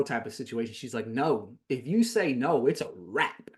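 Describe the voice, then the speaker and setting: A man's voice: expressive, normal speed, few pauses. Rambling man recapping a reality show. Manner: rambling, lots of fillers and self-corrections; gets louder and higher when giving his opinion. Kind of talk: casual recap commentary.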